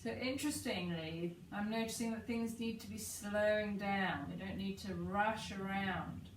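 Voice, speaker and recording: Calm woman guiding a yoga pause. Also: mid-range voice. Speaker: yoga teacher. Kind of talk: guided yoga and breathing session. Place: indoor room, rain on the roof. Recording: roomy and slightly distant, faint background noise.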